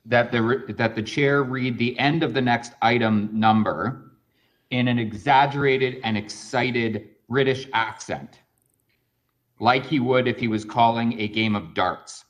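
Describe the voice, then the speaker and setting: A man's voice: mid-range voice, measured pace. A man with a Canadian accent, a city councillor making playful, teasing remarks during a meeting.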